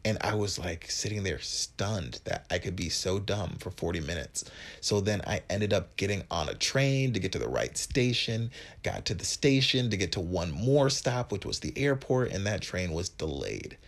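A man in his twenties from Wisconsin, hosting a podcast and telling a comic story in a profane, animated, self-mocking way. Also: deep voice, normal speed, creaky. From Wisconsin, USA. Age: 20s. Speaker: podcast host. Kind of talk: comedic storytelling monologue.

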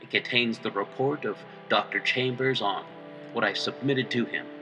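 A man voicing a stern, grim older doctor who speaks in loud, commanding declarations. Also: medium pitch, steady tone, moderate pace, far from the mic, muffled recording, music in the background, close to an everyday voice. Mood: somber.

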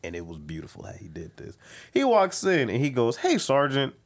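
A man's voice: mid-range voice, a little fast. A young man, a comedian, telling a story in casual chat and acting out the voices of the people in it. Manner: animated, acts out quoted voices. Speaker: guest comedian.

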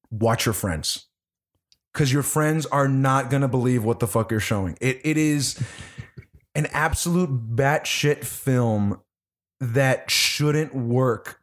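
A man talking casually about a movie, swearing and laughing as he tells the plot. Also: medium pitch. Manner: animated, profane, laughing storyteller. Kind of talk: casual movie review chat.

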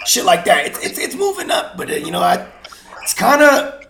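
A man hosting a casual sports podcast, animated and slangy, swearing freely and talking himself into little comic bits. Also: high-pitched, moderate pace, gravelly, roomy sound. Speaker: podcast host.

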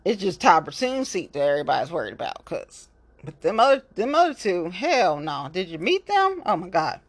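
A woman's voice: on the low side, big pitch swings, moderate pace. Woman, casual monologue, blunt, cursing freely, rambling. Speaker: local political activist.

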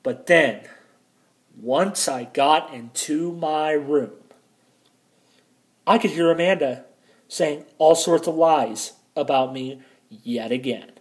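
A man's voice: fairly high pitch, slow, pauses often. A man angrily retelling a family fight as a vlogger, swearing heavily. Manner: angry, heavily profane retelling. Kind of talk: personal storytelling.

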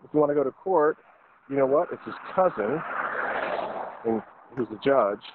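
A man chatting with a friend, animated and joking as he tells stories. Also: mid-range voice, normal speed. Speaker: friend on a call. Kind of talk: casual chat. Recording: tinny phone line with faint noise and clicks.

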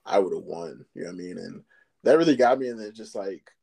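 A man's voice: sits low, lively intonation, fast, vocal fry, a little mellow, husky. A man co-hosting a podcast in casual chat, laid-back and agreeable, often laughing. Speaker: podcast co-host.

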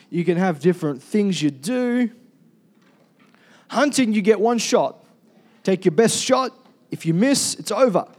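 High-voiced pastor preaching. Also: male voice, darkish tone. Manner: casual, jokey, calls for amens. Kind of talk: sermon.

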